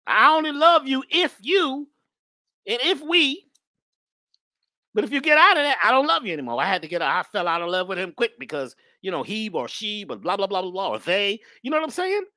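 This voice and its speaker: Animated preachy woman, lively pitch. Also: a little fast, no room sound, studio quality. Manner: preachy, emphatic, repeats phrases. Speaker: spiritual speaker. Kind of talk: animated spiritual talk.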